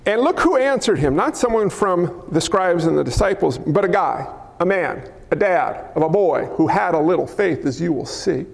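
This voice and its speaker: A male pastor preaching a sermon in a church hall, wearing a mic, animated and acting out crowd cries and quoted lines. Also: sits high, moderate pace, gravelly. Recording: long hall reverb.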